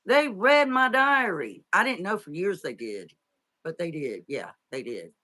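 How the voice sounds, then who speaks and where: Middle-aged woman guest, bright tense voice, halting and teary, lots of um and restarts. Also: on the low side, big pitch swings. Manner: halting, tearful, many fillers and restarts. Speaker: interview guest. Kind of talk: emotional personal storytelling.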